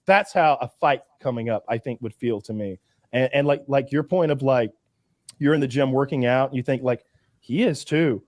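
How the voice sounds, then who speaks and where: A man's voice: mid-range voice, normal speed, no room sound. A man hosting a podcast, telling long, rambling stories in casual chat and swearing freely. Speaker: podcast host.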